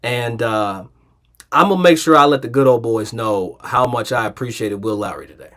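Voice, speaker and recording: A man's voice: medium pitch, normal speed, fairly bright tone. A man co-hosting a podcast, telling anecdotes in casual banter and acting out the people in them. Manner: playful storyteller who acts out the people in his anecdotes. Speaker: podcast co-host.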